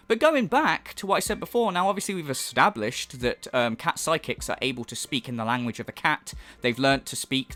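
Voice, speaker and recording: A man's voice: medium pitch, a bit bright. A British man giving a sweary, mocking reaction commentary on a video. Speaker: YouTube commentator.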